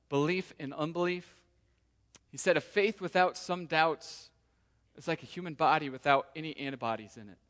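A man's voice: a little high, fairly bright tone. A man preaching a sermon as a pastor, earnest and preacherly, often speaking a believer's prayers aloud. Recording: long reverb of a large hall.

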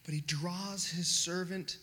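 A man preaching a sermon who repeats phrases for emphasis, builds to loud peaks and drops into whispers. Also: sits high, steady tone, slow, breathy edge, big-room sound.

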